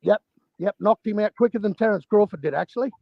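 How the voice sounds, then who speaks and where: A high-pitched Australian man with a gravelly edge speaks bluntly and profanely in a heated casual debate. His voice is muffled and lo-fi, as if through an online call mic, and sits dry and close. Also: quick pace, no room sound. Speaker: panel guest, boxing fan.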